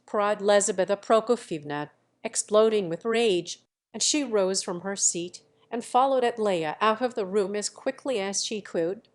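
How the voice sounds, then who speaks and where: In this audiobook of a classic novel, a woman narrates from a script at medium pitch. She keeps her storytelling steady and unhurried in its evenness.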